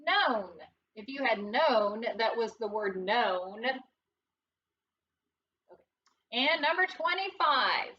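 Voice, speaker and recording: A woman teaching a recorded phonics lesson to first graders, slow and patient, with playful sing-song emphasis. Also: fairly high pitch, lively intonation, distant mic, lo-fi sound.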